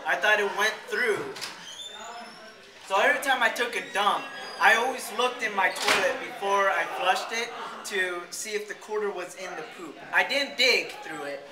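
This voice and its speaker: In an echoey school hallway outside a band room, a man with a high voice speaks at a normal pace over heavy background noise. He's casually telling a rambling, jokey childhood story and swears now and then.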